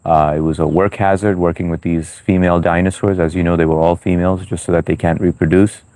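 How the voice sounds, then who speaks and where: A man's voice: low voice, level tone, fast talker, dark tone, no echo. A man hosting a livestream in a loose, chatty way, reading viewer comments aloud with lots of "uh" and "you know". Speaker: livestream host.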